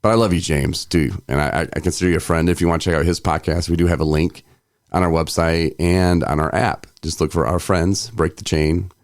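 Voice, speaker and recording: A man's voice: sits low, steady tone, a little fast, no room sound, studio quality. A man co-hosting a recovery podcast, talking in a rambling way, laughing often and acting out quotes. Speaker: podcast co-host. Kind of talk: casual chat.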